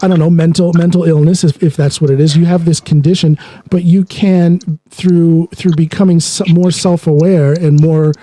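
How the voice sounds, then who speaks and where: A man hosting a podcast, asking questions in a halting, hesitant way with many restarts. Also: fairly high pitch, fairly even intonation, warm tone, no echo, low-quality recording. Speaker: podcast host. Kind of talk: casual interview questions.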